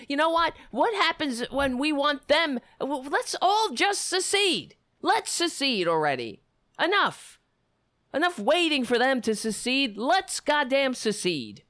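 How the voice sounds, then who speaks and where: A woman's voice: high voice, big pitch swings, slow, a bit bright, no echo. A woman giving ranting political commentary, heated, sarcastic and swearing freely.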